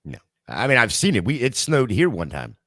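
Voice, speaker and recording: A man's voice: medium pitch, sing-song, normal speed, fairly bright tone, no room sound, studio quality. A man chatting casually on a podcast call, hesitant, repeating himself and trailing off.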